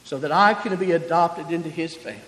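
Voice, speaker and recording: High-voiced preacher in a reverberant hall. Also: male voice, fast, slight background noise. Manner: preaching with swelling emphasis, then dropping to soft intimate tones. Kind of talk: sermon.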